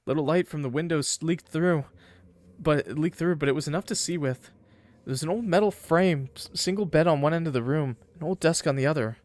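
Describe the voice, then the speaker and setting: A man's voice: on the high side, brisk, a little mellow, dry recording. A man streaming a game, reading its text aloud in first person and breaking off for joking asides to his chat. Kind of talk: reading a game's text aloud with live commentary.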